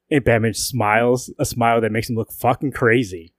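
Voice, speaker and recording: A man's voice: mid-range voice, normal speed, no echo, studio quality. A man co-hosting a casual comic book podcast, swearing and acting out lines from the comics. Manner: animated, swears a lot, acts out quotes. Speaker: podcast co-host.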